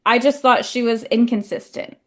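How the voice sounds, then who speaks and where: A young woman co-hosts a book podcast, chatting casually, laughing often, and saying "like" a lot. Her voice is on the high side and a bit bright, with a steady tone at a moderate pace.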